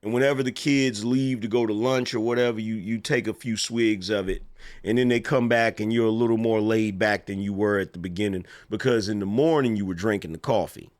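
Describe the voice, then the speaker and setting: A man's voice: lowish voice, steady tone, brisk, a little mellow. A man giving mocking, sarcastic online political commentary that rambles and stammers through restarts.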